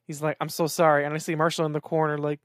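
A man's voice: fairly high pitch, monotone, quick pace, dry recording, studio quality. A man co-hosting a podcast in casual chat, telling rambling stories full of "like". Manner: rambling storytelling with many "like"s. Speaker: podcast co-host. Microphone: dynamic podcast microphone.

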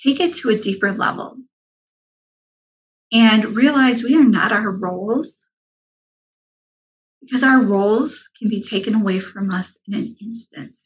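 Guest coach, woman, mid-pitched, earnest and reassuring, steady advice-giving. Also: a little slow, long pauses, poor audio. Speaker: money mindset coach, guest.

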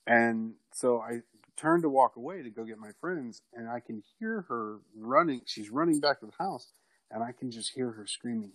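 A man telling a personal story in a casual, animated way, swearing freely. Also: mid-range voice, normal speed, no room sound, low-quality recording. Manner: animated, profane, acts out quoted people loudly.

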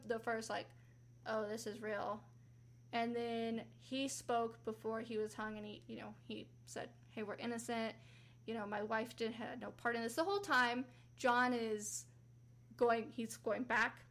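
Chatty woman telling a true-crime story. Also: a bit bright. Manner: chatty, acts out quotes with rising pitch. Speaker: podcast host.

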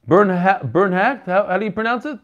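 Over a video call, a man with a high voice talks fast while hosting an online learning group, and the audio sounds dull. He chats casually with members, cracking jokes and greeting people by name.

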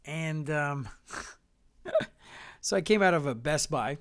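A man from Canada telling casual stories to his viewers, animated and laughing, acting out what people said. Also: a little high, takes it slowly. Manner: animated, acts out quotes, laughs often. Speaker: vlogger. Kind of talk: casual storytelling.

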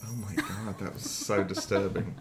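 A man co-hosting a casual movie podcast from home, relaxed and chatty, often correcting himself mid-sentence. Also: sits low, normal speed, background noise. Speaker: podcast co-host.

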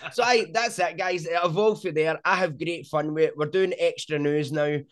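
Scottish guy chatting in an interview, thick accent, lively storyteller, voice sits a bit high. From Scotland. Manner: animated storyteller, frequent "do you know what I mean". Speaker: sumo content creator. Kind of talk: casual interview chat.

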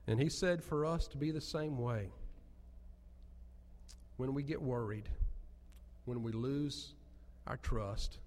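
A man's voice: mid-range voice, a little mellow, long reverb tail. A man preaching an earnest sermon as pastor, building to emphatic peaks.

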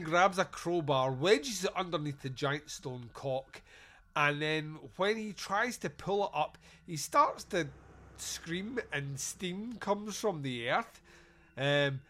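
Man, podcast host, casual comedic film review, sweary and giggly, slightly high voice. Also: fairly bright tone.

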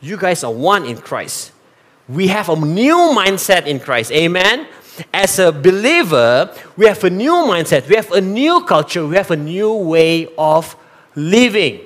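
A man with a high, unhurried voice preaches to his congregation, speaking directly to them. He's from Sarawak, East Malaysia, has a Malaysian accent, and delivers his sermon with animation while mixing in Malay.

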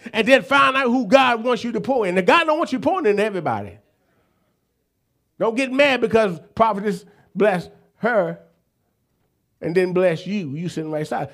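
Animated, high-voiced preacher man. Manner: animated storytelling preacher, folksy and emphatic. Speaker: apostle preaching. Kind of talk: sermon.

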